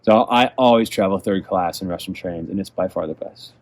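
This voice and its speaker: This guest, a man from California, responds to interview questions in a casual chat, sharing travel tales thoughtfully and eagerly. His voice is low-pitched with a darkish tone, and his delivery is brisk.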